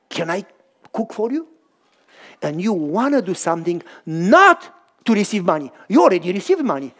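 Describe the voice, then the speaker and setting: Animated male pastor preaching a sermon. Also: high voice. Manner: animated storytelling, acting out both sides of a dialogue; addresses the audience directly with questions.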